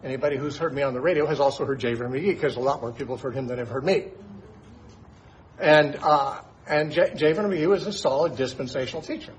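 A man's voice: mid-range voice, quick pace, slight background noise, rough recording. A man who teaches the Bible on the radio, explaining scripture in an emphatic way and posing rhetorical questions to his listeners.

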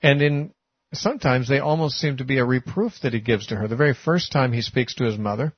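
A man's voice: medium pitch, slightly rough, no room sound. A man giving a sermon-style Bible teaching, talking conversationally with frequent "uh" and "you know". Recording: muffled, lo-fi recording.

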